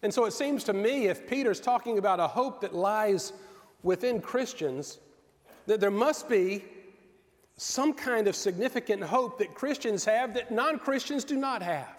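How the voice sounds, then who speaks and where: High-voiced man preaching in a reverberant hall. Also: animated. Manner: earnest, measured preaching with pauses. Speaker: pastor. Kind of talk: sermon. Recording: long reverb of a large hall.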